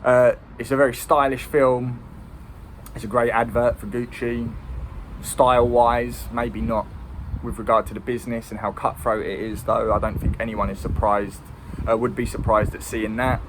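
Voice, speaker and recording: A man's voice: medium pitch, flat delivery, normal speed, slight background noise. A man giving a casual, rambling film review. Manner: rambling, with many ums and restarts.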